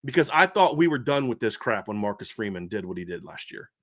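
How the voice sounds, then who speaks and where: A man's voice: lowish voice, very animated, fairly quick, a bit bright, dry recording, studio quality. Fired-up man ranting about football. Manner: fired up, ranting, repeats himself with restarts. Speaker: sports podcast co-host. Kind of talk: heated sports commentary rant.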